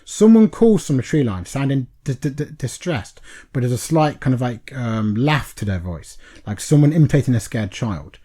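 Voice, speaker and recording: Mellow-voiced man reading out a pitch. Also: expressive, normal speed, husky. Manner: laughs often, says "mate" a lot. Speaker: podcast co-host. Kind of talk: casual chat and reading out a horror film pitch.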